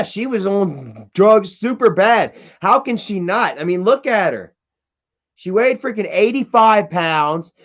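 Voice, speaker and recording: A man hosting a livestream, ranting bluntly and with profanity while reading chat comments aloud. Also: high voice. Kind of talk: candid casual livestream rant. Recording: dull lo-fi stream audio.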